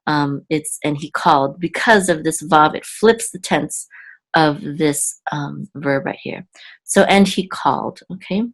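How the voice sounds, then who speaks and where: Low-voiced woman teaching slowly and patiently. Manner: patient, repeats and slowly sounds out words. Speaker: Hebrew teacher. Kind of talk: explaining a reading lesson to camera.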